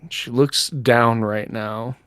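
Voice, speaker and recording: A man plays a tabletop game, speaking at a slow pace as he works through his turn and fills the gaps with ums. His voice is dry and close, with faint music behind him. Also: medium pitch, steady tone, fairly bright tone, smooth, no echo. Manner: slow, thinking aloud with fillers. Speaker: player.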